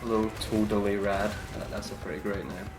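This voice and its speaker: A man's voice: on the low side, flat delivery, brisk, over music. A man in a game's voice chat, chatting with short remarks and questions. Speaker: player in voice chat. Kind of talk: casual gaming chat. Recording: echoey room mic.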